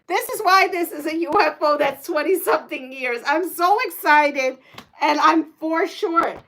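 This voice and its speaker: A woman's voice: sits high, lively intonation, moderate pace, sharp tone. A woman hosting a casual livestream who counts aloud, laughs easily, exclaims often and slips into Spanish phrases. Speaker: livestream host.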